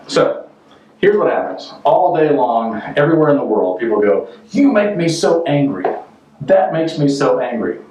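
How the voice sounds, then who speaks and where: A man on a home renovation job site, chatting casually and rambling through deadpan, self-mocking jokes. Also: lowish voice. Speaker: contractor and vlog host. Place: house under renovation, indoors. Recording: roomy, distant, dull sound.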